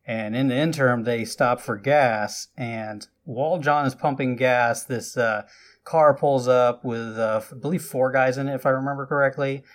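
A man casually retelling a film's plot for a podcast, chatty and loose, with frequent asides and lively bursts. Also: mid-range voice, moderate pace. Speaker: podcast host recapping a film. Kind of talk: casual film recap.

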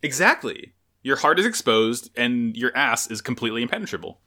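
A man co-hosting a podcast, joking around with friends and laughing often. His voice is bright and edgy, and his pitch leaps all over the place. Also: big pitch swings, fairly quick. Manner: jokey, profane, laughs often. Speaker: podcast co-host. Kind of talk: casual chat.

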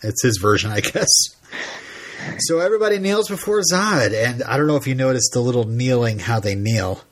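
A man's voice: medium pitch, expressive, moderate pace. A man hosting a podcast, recapping a TV episode in casual, rambling chat full of fillers and laughter. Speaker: podcast host.

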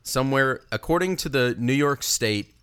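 A man, a priest co-hosting a podcast, telling an animated, self-mocking story in casual chat. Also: medium pitch, moderate pace, a little hiss or hum.

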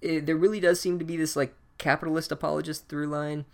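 A man giving a casual, sarcastic comedic recap of a book chapter, swearing freely and speaking with a deadpan delivery. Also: a little high, quick pace, vocal fry.

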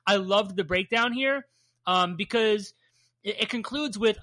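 A podcast co-host in casual chat about comics, measured and candid, with a playfully sarcastic streak. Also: mid-range voice, fairly bright tone.

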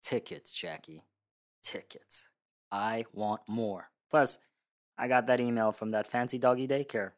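A man playing a sly deadpan troll. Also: on the low side, unhurried, natural voice. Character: scheming, deadpan young man, a self-styled troll. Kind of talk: audio drama acting.

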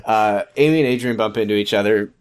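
A man's voice: fairly low pitch, smooth. Dry sarcastic man recapping a show. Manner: dry, sarcastic, retells scenes quickly. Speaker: podcast co-host. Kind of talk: casual comedic recap chat.

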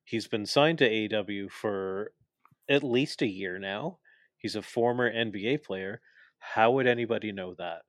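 A man's voice: on the low side, a little slow, no room sound, studio quality. A young man co-hosting a casual podcast chat, opinionated and explaining at length with plenty of fillers. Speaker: podcast co-host.

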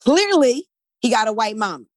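A woman's voice: on the high side, big pitch swings, moderate pace, no echo. A woman speaking as a guest in a conversational discussion, emphatic and often checking in with "right?".

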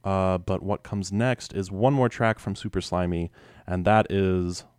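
A man co-hosting a music review podcast, talking fast and analytically with frequent fillers. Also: deep voice, fairly even intonation, darkish tone, clean tone, no echo. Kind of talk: casual music review chat.

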